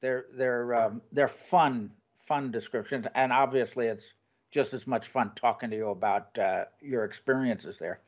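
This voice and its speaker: A man's voice: medium pitch, unhurried, lo-fi sound. Enthusiastic man hosting an interview. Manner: enthusiastic, laughs often. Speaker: podcast host. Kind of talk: conversational interview.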